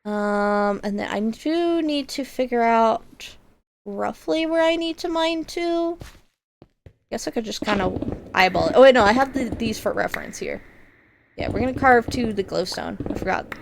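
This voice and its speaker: A woman's voice: on the high side, lively intonation, normal speed, creaky. A woman streamer chatting casually while playing a block-building game, rambling with lots of fillers and frequent giggles. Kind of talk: casual gaming stream chat. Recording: audible background noise.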